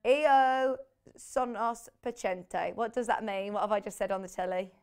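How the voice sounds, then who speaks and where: A woman's voice: medium pitch, fairly even intonation, quick pace, darkish tone, clean tone. A woman presenting live on a shopping channel from a TV studio, chatty and bubbly, laughing easily as she shows fabrics. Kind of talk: live TV product selling.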